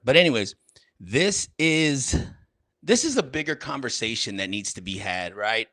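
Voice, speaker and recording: Guy streaming from home, crisp bright voice, dry close sound, says bro a lot. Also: mid-range voice, very animated, moderate pace, no echo. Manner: slangy, repetitive, talks straight to chat. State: slightly out of breath. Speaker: livestream host. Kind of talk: casual livestream chat.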